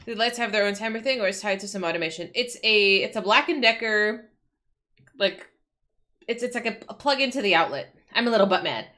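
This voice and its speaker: A woman streamer with a bright, forceful voice vents at length to her chat. She talks casually and in exasperation, with plenty of swearing, "like"s and restarts. Her pitch sits in the middle for a woman. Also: a little fast. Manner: exasperated ranting, swears, frequent likes and restarts. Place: home.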